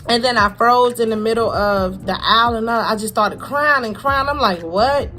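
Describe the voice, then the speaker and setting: A young woman from Florida, telling a personal story to camera in a halting, repetitive, heartfelt way with casual slang. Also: a little high, bright, forceful tone, soft background music. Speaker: vlogger.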